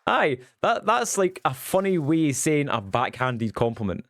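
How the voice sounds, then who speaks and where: A man's voice: fairly high pitch, animated, a bit bright, no echo. Goofy chatty man streaming. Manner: goofy, chatty, quick bursts with many ums. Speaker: game streamer. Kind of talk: casual livestream chat while gaming.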